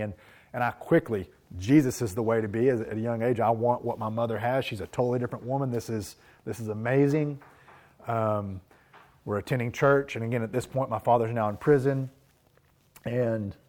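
A man's voice: mid-range voice, a little mellow. A man preaching a sermon, telling personal stories in an earnest, reflective way. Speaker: pastor.

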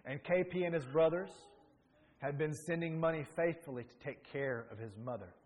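A man's voice: fairly high pitch, darkish tone. Earnest, emphatic male preacher. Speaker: pastor. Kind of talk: sermon.

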